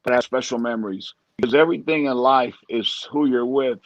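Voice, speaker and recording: A man's voice: medium pitch, a little fast, dry recording, highs cut off. A man co-hosting a casual chat and reminiscing thoughtfully, often circling back to repeat his phrases. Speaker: co-host.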